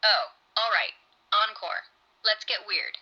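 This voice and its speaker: A woman's voice: mid-range voice, takes it slowly, bright, forceful tone, lo-fi sound, exaggerated voice. A woman voicing a playful, quippy AI chatbot that sings rhymes and makes beeping sounds. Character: witty female AI chatbot voice. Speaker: AI assistant.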